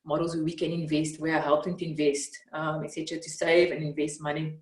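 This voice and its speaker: A South African woman telling stories in an earnest, reflective way, with frequent fillers and lively bursts when retelling. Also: low voice, fast talker. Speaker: interviewee, mentor. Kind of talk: reflective storytelling in conversation. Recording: roomy, from some distance off the mic.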